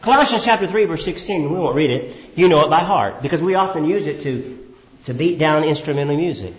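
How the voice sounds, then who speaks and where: A man preaches a sermon in a fairly high, lively voice, asking his listeners questions and answering them himself. He swings from raised, emphatic phrases to low, drawn-out words. The recording is echoey and dull, as if taken from a church hall.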